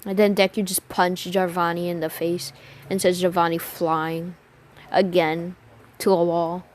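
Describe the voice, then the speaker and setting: A woman's voice: fairly low pitch, flat delivery, measured pace, slight background noise. A woman improvises a fan story aloud in a loose, rambling way. She keeps restarting sentences and mixing up character names, and she drops casual swear words as she goes. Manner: rambling, many restarts and name slips.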